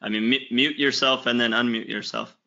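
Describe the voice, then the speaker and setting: A man on a webinar call speaks in an easygoing, slightly unsure way, apologizing and hedging. His voice is very sharp and bright. The call audio is dull and lo-fi. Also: mid-range voice, fairly even intonation, fairly quick, creaky. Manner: easygoing, hesitant, apologetic with tech troubles. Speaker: webinar co-host. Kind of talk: casual call chat. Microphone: computer audio on a video call.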